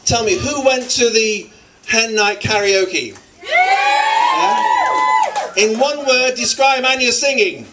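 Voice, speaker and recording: A middle-aged man giving a joking father-of-the-bride wedding speech, teasing the guests. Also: on the high side. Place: wedding reception hall. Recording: distant, with crowd noise. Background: guests laughing and chattering.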